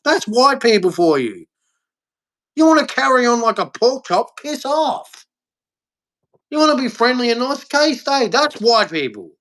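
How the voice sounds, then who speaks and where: A man's voice: extremely high pitch, big pitch swings, measured pace, fairly bright tone. A man with an Australian accent, ranting bluntly and angrily to camera in a profane vlog monologue. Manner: blunt, angry and profane, with heavy emphasis. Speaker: vlogger.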